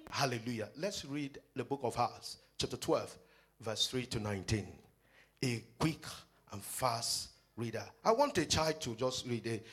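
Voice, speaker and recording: A man preaching a sermon, telling a family story, often calling out hallelujah and laughing, moving from hushed talk to shouted praise. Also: medium pitch, breathy edge. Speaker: pastor.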